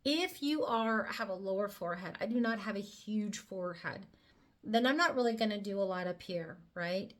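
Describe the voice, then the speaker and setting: A woman's voice: medium pitch, lively intonation, normal speed. Chatty woman giving a makeup tutorial. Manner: chatty, playful asides to the viewer. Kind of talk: casual how-to demonstration.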